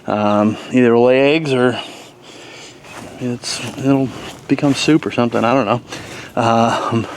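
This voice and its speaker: A homesteader vlogger with a medium-pitched voice speaks slowly outdoors, with slight background noise, as he gives a casual walking tour of his garden and animals. He's relaxed and rambling, full of fillers, and has the hiccups.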